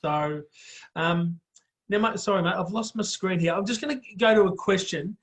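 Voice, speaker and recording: A man's voice: high voice, normal speed. An Australian man hosting a casual podcast chat, blunt and blokey, calling everyone mate. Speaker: host.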